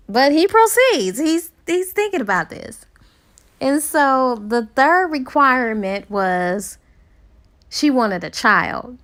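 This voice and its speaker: A woman's voice: sits high, sing-song, takes it slowly, fairly bright tone. A woman book reviewer retelling a novel's plot in a casual, chatty way with fillers and small laughs.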